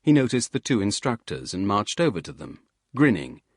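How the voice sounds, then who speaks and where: A man narrating an audiobook thriller in a measured, steady reading. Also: fairly low pitch, dry recording, clean studio sound. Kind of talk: scripted narration.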